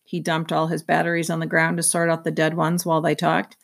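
A woman's voice: low-pitched, fairly quick, creaky, hardly any pauses. Woman reading a children's book aloud. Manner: steady, even storytelling. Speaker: reader.

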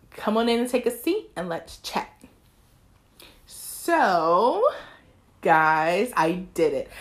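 Young woman host, twenties, chatty and animated, breaks into sermon-style exhortation. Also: mid-range voice. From East Texas. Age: 20s. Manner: lively, talkative, preachy bursts. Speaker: podcast host. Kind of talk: casual chat.

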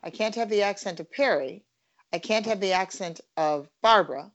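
A woman's voice: mid-range voice, normal speed, dry recording. A woman from the United States in a casual chat, hesitant and repeating herself. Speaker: podcast co-host. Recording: dull lo-fi sound.

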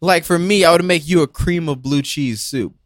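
A man's voice: a little high, normal speed, no echo, studio quality. A young man in casual chat as a podcast co-host, blunt and playfully complaining.

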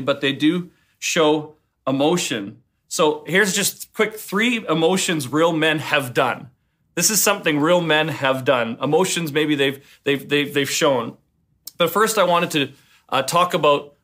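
A man preaching in a casual devotional talk. His voice sits a little higher than most men's, and he speaks earnestly, often stumbling over repeated words and fillers as he works out his points. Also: bright, forceful tone.

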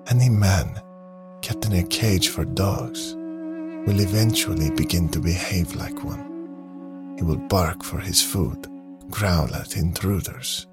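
A man reading the part of a calm, thoughtful woman, speaking in a measured, reflective way with a husky, creaky voice. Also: deep voice, exaggerated voice.

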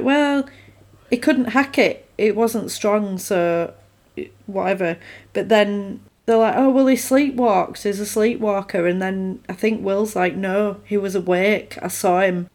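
A woman, recapping a film in casual chat and acting out the characters' lines. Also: mid-range voice. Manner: animated, acts out characters' lines in quick quotes. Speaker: film podcast co-host.

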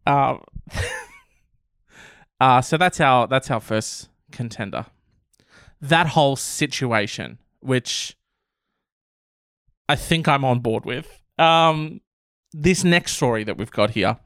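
A man's voice: medium pitch, lively intonation, takes it slowly, pauses often, fairly bright tone, clean tone, dry recording, studio quality. A man hosting casual commentary on odd news stories, sarcastic and swearing freely. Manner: sarcastic, swears, laughs often.

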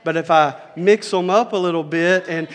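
High-voiced preacher in an echoing hall. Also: male voice, moderate pace, clear, resonant tone. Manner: preaching, swings from soft asides to shouted climaxes. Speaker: pastor. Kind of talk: sermon.

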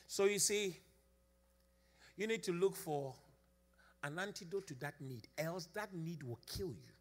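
A man's voice: a little high, expressive, unhurried. A man preaching a sermon to a congregation in a fervent, sing-song cadence. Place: church gathering.

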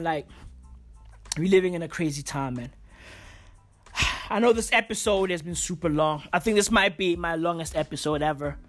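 A man with a high, slightly bright voice hosts his own podcast, ranting casually on his own. He speaks in profane street slang, repeating lines and leaning on fillers.

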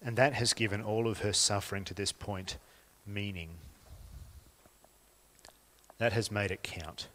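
A man with an Australian accent preaching a sermon, swinging from quiet, reflective lines to loud, emphatic ones. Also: on the low side, fairly even intonation, unhurried, pauses often, in a large hall. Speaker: pastor.

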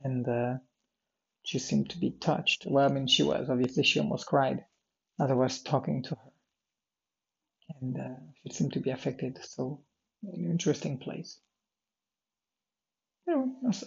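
A man rambles through a daily audio diary, tired and yawning, wandering from topic to topic with plenty of fillers and false starts. His voice is gravelly and a little husky, at a middling pitch. The recording sounds slightly muffled and lo-fi. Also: normal speed, pauses often. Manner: meandering, many fillers and restarts, drifts off topic. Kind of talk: rambling personal diary talk.

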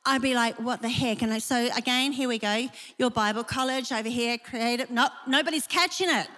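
A woman's voice: on the high side, moderate pace, sharp tone, slight background noise. A woman pastor preaching a sermon in a chatty, self-deprecating way, laughing often, in a large church auditorium. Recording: long hall reverb.

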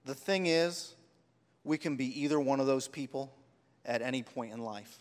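A man's voice: mid-range voice, moderate pace, a little mellow, clear, resonant tone, big-room sound. A man preaching a sermon, telling personal stories with heartfelt, rising emphasis. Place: church sanctuary.

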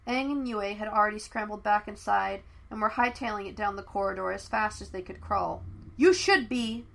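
A woman narrating fan fiction as an audiobook, telling the story in a steady, even way. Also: mid-range voice, a little fast, vocal fry.

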